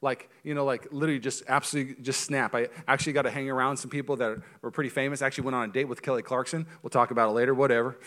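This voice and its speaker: Guy pastor preaching in church, mid pitch, tense bright tone, jokey asides. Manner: animated and joking, with quick asides. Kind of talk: sermon.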